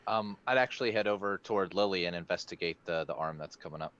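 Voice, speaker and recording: Deep-voiced man on a muffled call. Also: fast, a bit bright. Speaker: player.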